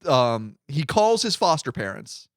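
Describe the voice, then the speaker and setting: A man's voice: mid-range voice, unhurried, dry recording, studio quality. A man co-hosting a casual podcast, rambling and acting out quotes as he talks. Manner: rambling, animated, acts out quotes. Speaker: podcast co-host.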